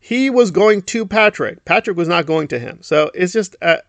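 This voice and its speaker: A man's voice: high voice, expressive, normal speed, dry recording. A middle-aged man giving a sarcastic, indignant commentary, often mocking others with put-on voices. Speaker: commentary YouTuber. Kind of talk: ranting commentary.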